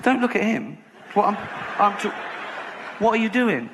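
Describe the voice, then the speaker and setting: A man putting on a squeaky, exasperated scolding voice in a stand-up bit. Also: big pitch swings, normal speed, noisy background.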